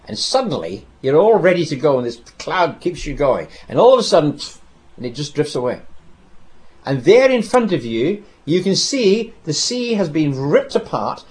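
A man preaching a sermon, telling a scripture story with dramatic pauses and repeated phrases. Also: on the high side.

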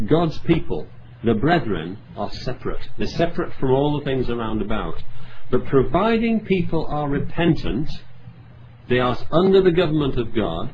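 A man preaching a sermon, reading scripture aloud and driving home points with earnest emphasis and asides. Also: medium pitch. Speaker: pastor. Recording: slightly dull sound with faint background noise.

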